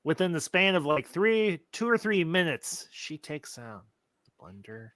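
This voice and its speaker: A man in his forties co-hosting a casual movie chat, telling scenes in an animated way. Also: fairly high pitch, measured pace, no echo. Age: 40s. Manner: animated storyteller, acts out scenes. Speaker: movie review podcast co-host.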